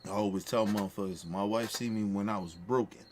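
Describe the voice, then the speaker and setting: A man's voice: fairly low pitch, fairly even intonation, fairly quick, a little mellow, a little hiss or hum. A man talking in a casual, emphatic way, repeating his points with heartfelt, profane conviction as a podcast host. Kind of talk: casual storytelling chat.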